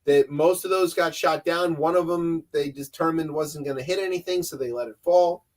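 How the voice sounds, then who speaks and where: A man's voice: a little high, normal speed, darkish tone. A man co-hosting a comedy news podcast, talking in a sarcastic, rambling way. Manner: sarcastic, rambling, does mocking voices. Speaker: podcast co-host.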